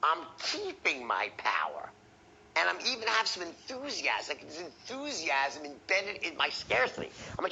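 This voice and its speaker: A man teaching a sales training session, animated and profane, acting out the tones of voice he teaches. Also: fairly high pitch, normal speed, gravelly, dull audio, a little hiss or hum.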